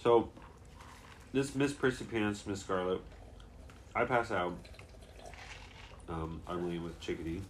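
Young guy, very low pitch, casual swearing storyteller, faint noise behind. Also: slow, pauses often. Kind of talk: casual chat.

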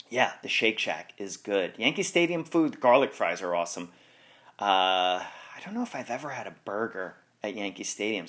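Low-ish guy podcast host, rambly, keeps second-guessing himself, laughs a lot. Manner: rambling, self-correcting, laughs often. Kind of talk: casual chat.

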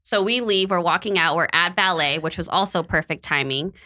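Young woman chatting, lively story, likes to say "like", bright edge. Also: lowish voice, fairly quick. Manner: animated storyteller, acts out quotes, says "like" often. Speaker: podcast guest telling a dating story. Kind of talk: casual chat.

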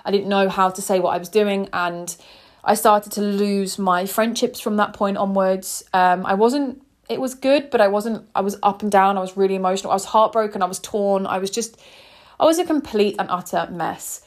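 A woman's voice: medium pitch, moderate pace. A woman, a podcast host telling a personal story in a candid, heartfelt way with frequent ums.

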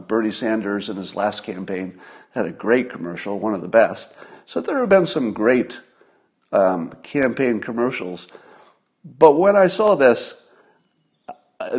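A man in his sixties hosting a podcast, giving casual commentary in a rambling way, with many fillers and pauses. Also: on the low side, husky. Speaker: podcast host.

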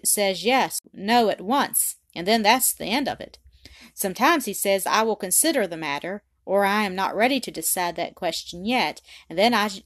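A woman's voice: medium pitch, no room sound, studio quality, lightly acted. A woman reading aloud voices a dutiful little girl who speaks earnestly and politely.

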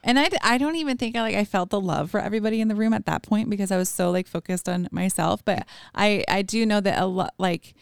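A woman's voice: medium pitch, fast talker, creaky, hardly any pauses, smooth, no room sound, clean studio sound. A woman, a mother, telling a personal story in casual podcast talk, full of fillers and acted-out quotes. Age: adult with children. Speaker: podcast guest. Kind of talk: casual conversation.

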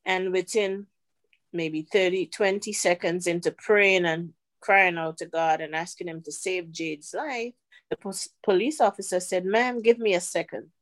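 A middle-aged woman sharing a personal testimony as a podcast guest, earnest and unhurried with pauses. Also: lowish voice. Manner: earnest, slow storytelling with pauses.

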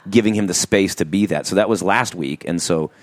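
A man's voice: sits low, a little fast. A man hosting an interview in an easygoing, loose, self-deprecating way. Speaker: host. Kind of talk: conversational interview.

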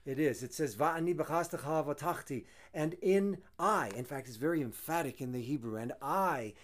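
A man's voice: a little high, animated, normal speed. A man teaching a psalm in casual conversation, earnest and emphatic, repeating key phrases and quoting Hebrew. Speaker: Bible teacher. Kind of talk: conversational Bible study.

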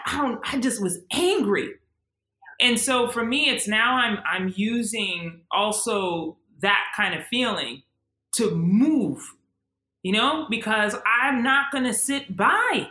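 A woman's voice: mid-range voice, expressive, takes it slowly, sharp tone, roomy sound. A woman in her forties, a guest speaking with passion and emphasis, often repeating herself. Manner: impassioned, emphatic, repeats words. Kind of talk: candid conversation.

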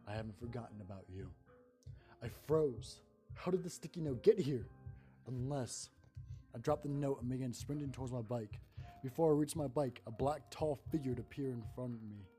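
A man reading a first-person horror story aloud in a calm narrating voice. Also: medium pitch, normal speed, faint music behind.

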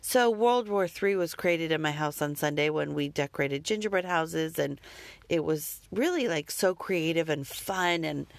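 A woman's voice: low voice, normal speed, gravelly, no echo. A woman talking candidly about parenting in a rambling, self-critical monologue with the odd curse word. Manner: rambling, self-deprecating, occasionally profane.

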